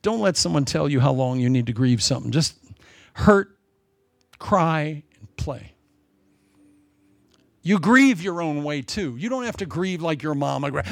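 A middle-aged man preaching a sermon, swinging between loud shouts and soft, hushed storytelling. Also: fairly high pitch, big pitch swings, normal speed, creaky. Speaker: pastor.

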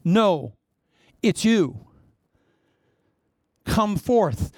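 Male preacher, fairly high gravelly voice, dry sound, animated storyteller. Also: very slow, dry recording. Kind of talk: sermon.

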